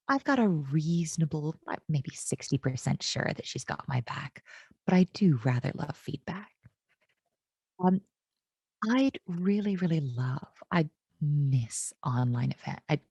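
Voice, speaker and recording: A woman's voice: low-pitched, normal speed, dark tone, husky, no room sound. A woman from the United States giving a conference keynote, full of wry, self-mocking humor.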